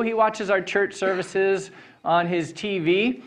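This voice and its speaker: A pastor with a fairly high, light voice delivers an Easter sermon from a church stage. His talk is friendly and upbeat, and he laughs easily through a personal anecdote. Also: measured pace. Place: church stage before a live congregation.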